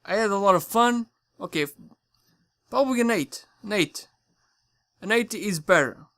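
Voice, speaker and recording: A channel host giving a casual spoken review, rambling and excitable, often stumbling and correcting their words. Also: medium pitch, moderate pace, no echo.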